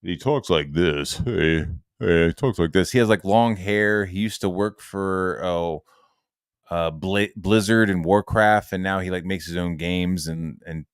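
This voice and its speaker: A man hosting a casual, profanity-heavy chat about a video game, animated and acting out quoted voices. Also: low voice, unhurried, smooth, no room sound, studio quality. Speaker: host.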